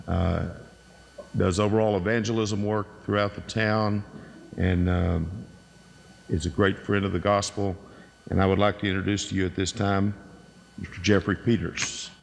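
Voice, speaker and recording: A man on the school staff introduces the guest speaker, pausing and filling gaps as he goes. His low, gravelly voice carries a long hall reverb. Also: fairly even intonation, a little hiss or hum. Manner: halting, with many fillers. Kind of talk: ceremony introduction. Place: ceremony hall.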